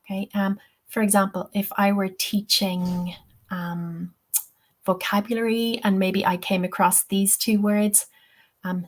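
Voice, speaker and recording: A woman's voice: mid-range voice, level tone, measured pace. A woman teaching English-teacher trainees in a webinar, explaining patiently step by step and often saying "okay" and "um". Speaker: TEFL trainer.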